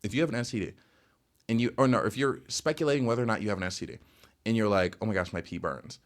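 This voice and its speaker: A young man casually telling a storytime rant, rambling with lots of filler words and sudden jumps in pitch. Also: fast talker. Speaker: storytelling vlogger.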